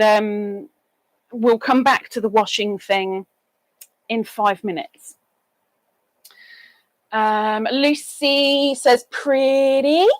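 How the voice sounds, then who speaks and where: A chatty woman hosts a relaxed live stream, reading out viewer comments and greeting each arrival in a sing-song lilt. Her voice sits fairly high and unhurried, and the sound is close and dry with no room around it. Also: dry recording, rough recording. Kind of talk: casual live stream chat.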